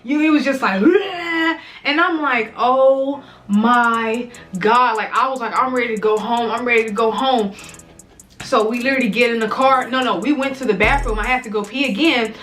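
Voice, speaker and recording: A woman's voice: on the high side, quick pace, a bit bright, faint music behind. A young woman vlogger telling a casual story-time tale, rambling and profane, full of "like"s and acted-out quotes. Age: young adult.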